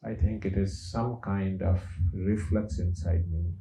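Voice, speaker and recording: A middle-aged doctor and speaker with a low-pitched, dark voice, vocal fry and fairly even intonation tells a personal story at a measured pace in a lecture, anecdotal in manner. The recording sounds echoey and dull, like a lecture hall.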